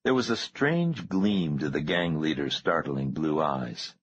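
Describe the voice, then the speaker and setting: A male audiobook narrator with a deep, very husky voice reads in a measured, grave way. His pitch moves widely while his pace stays slow. The recording sounds dull and lo-fi. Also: lively intonation. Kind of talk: scripted narration.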